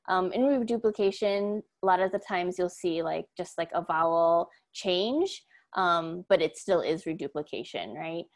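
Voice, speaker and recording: A young woman giving a casual class presentation, talking loosely with frequent ums and upbeat asides. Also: fairly low pitch. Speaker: student presenter.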